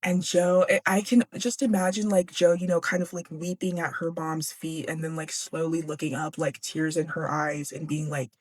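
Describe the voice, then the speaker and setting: A woman's voice: deep voice, little pitch movement, moderate pace, few pauses, no room sound. A young woman hosting a casual book recap, chatty and swearing freely, laughing as she goes. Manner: chatty, profane, laughs often. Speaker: podcast host.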